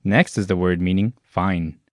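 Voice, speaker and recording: A man with a very low voice reads a scripted language lesson in a clear, measured, instructional way. The recording is dry and close, with no room sound. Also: steady tone, no room sound. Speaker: lesson narrator.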